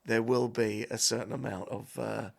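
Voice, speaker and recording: A man's voice: fairly low pitch, steady tone, normal speed, gravelly, a little mellow. A middle-aged man, chatting casually as a podcast guest, rambling and self-deprecating. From South East London. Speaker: podcast guest, comedic actor. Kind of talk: casual chat.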